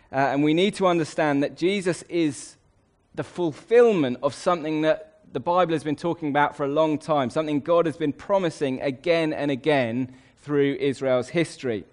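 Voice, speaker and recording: A man delivers a sermon from a Bible passage. His voice sits a little high. He is emphatic and slows right down to stress the words that matter. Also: a little mellow. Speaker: preacher.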